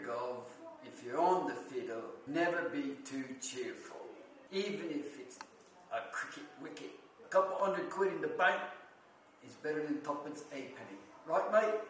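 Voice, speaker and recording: A streetwise Cockney geezer, chummy and conspiratorial, as a man puts him on. His voice sits a little high and rings in a very echoey space, far from the mic. Faint noise hums behind. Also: lively intonation, a little slow. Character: streetwise Cockney man giving money advice.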